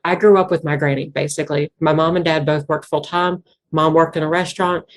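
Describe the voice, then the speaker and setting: A woman with a deep, low voice and a Southwest Virginia Appalachian accent, talking in a casual interview. She rambles earnestly, circling back and leaning on "like" as she goes. She sounds like a young adult. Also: fairly even intonation, a little fast. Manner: rambling, earnest, heavy use of "like" fillers. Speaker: interview guest, banjo musician.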